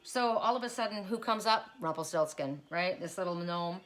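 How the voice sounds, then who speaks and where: A woman's voice: lowish voice, moderate pace, fairly bright tone. Chatty woman retelling a fairy tale. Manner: chatty storytelling with many restarts and asides. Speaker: tarot reader. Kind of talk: casual spoken card reading.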